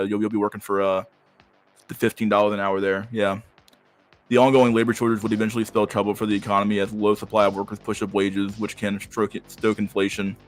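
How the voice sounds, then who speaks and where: A man's voice: on the low side, clean tone, no echo. A man hosting a podcast, reading a news article aloud and breaking off into profane, slangy asides. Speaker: podcast host.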